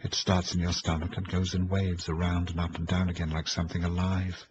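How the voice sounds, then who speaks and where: A nervous, frightened young woman in a spoken storybook, voiced by a man. Her voice stays low and tense, the fear pressing through each line. The recording sounds dull and lo-fi. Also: level tone, brisk, a little mellow, a little hiss or hum, close to an everyday voice. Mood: uneasy. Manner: tense, fearful inner voice. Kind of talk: audiobook reading.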